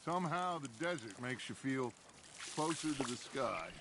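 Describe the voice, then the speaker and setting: A man's voice: mid-range voice, animated, normal speed, background noise, natural voice. An actor playing a reflective male outlaw musing about the road in a video game. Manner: thoughtful, reflective.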